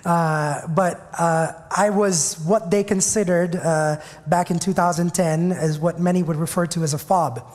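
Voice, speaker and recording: A man's voice: a little high, fairly even intonation, a little slow, few pauses, darkish tone, big-room sound. A man in his thirties preaching a sermon as pastor, telling a personal story in a conversational, self-deprecating way.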